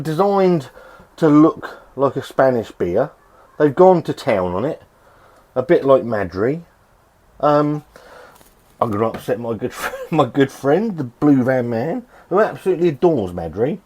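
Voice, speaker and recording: A man's voice: mid-range voice, a little mellow, slightly rough. A middle-aged man grumbling and swearing through a rambling, casual beer review in his shed. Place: home shed.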